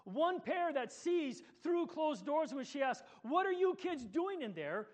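A man's voice: extremely high pitch, big pitch swings, unhurried, pitched above the performer's own voice, exaggerated voice. A man reading aloud as the Lord, an eager, proud creator, in an earnest storybook manner.

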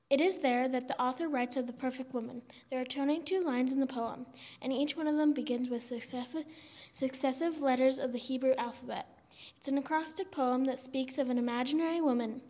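Casting: a woman preaching, high-pitched, wry and humorous, with echoey hall sound. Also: fairly quick, few pauses, darkish tone. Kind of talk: sermon.

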